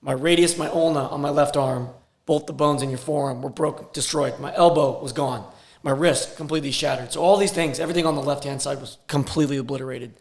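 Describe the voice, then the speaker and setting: A man's voice: mid-range voice, fairly even intonation, fast talker. A man telling stories as a podcast guest, blunt and profane in casual talk. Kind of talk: casual interview.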